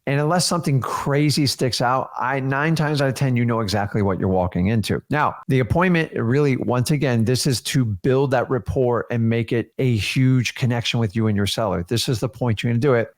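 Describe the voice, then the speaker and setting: Male coach, 40s, live training talk, energetic and emphatic, mid-range voice. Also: mid-range voice. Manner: energetic, emphatic, acts out seller dialogues. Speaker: real estate wholesaling coach.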